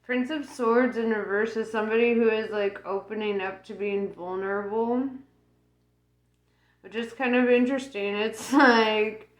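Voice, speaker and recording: Casual tarot reader, woman, unhurried and chatty with frequent laughs, roomy sound. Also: fairly high pitch, steady tone. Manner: laughs often, rambling with many fillers. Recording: roomy echo.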